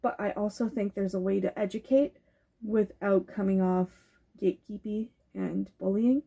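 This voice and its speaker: A woman's voice: mid-range voice, steady tone, moderate pace, creaky, dark tone, breathy edge. A woman talking candidly in a casual tag video at home, swearing freely and getting heated at times. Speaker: goth YouTuber. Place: home bedroom with a cat nearby.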